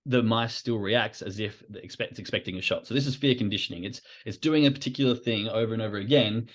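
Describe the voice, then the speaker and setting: A man hosts an educational podcast and speaks in a relaxed, explanatory way. His voice sits somewhat low. His delivery is informal and peppered with fillers. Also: quick pace. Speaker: podcast host.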